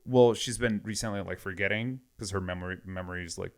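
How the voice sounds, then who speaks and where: A man's voice: low voice, brisk. A man casually retelling a story with lots of quoted back-and-forth. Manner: animated retelling with many quoted exchanges.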